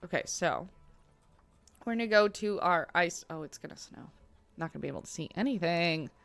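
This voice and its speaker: A woman's voice: on the low side, lively intonation, fast, gravelly, fairly bright tone, clean tone, faint music behind. A woman streaming a zoo-building game, chatting casually to herself and her animals with lots of fillers. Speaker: gameplay streamer. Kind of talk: casual gaming commentary.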